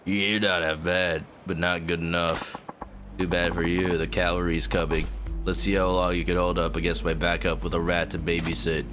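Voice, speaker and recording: A man voicing a gruff male gangster thug who bullies his captives and then grovels before his boss. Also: low-pitched, flat delivery, normal speed, music in the background, voice pushed down, lightly acted. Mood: menacing.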